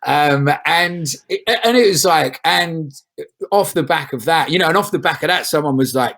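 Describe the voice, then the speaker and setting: A man with a gravelly, husky voice, talking loosely as a podcast guest. He rambles, restarts his sentences and swears casually as he tells his stories. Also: a little high, lively intonation, normal speed, a bit bright. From England. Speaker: folk singer guest. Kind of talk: casual interview chat.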